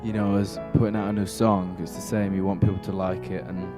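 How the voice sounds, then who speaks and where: Low-voiced young man, loud guitar behind. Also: flat delivery, fairly quick. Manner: thoughtful, rambling with fillers. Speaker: interviewee. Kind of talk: casual press interview. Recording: loud music over voice. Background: loud guitar music.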